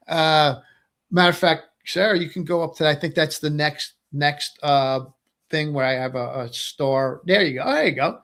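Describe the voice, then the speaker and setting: A man's voice: on the high side, fairly bright tone. A middle-aged man hosting a webcast, talking through his views in a rambling, casual way, often asking "right?" and repeating phrases. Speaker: webcast host. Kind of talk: casual political monologue.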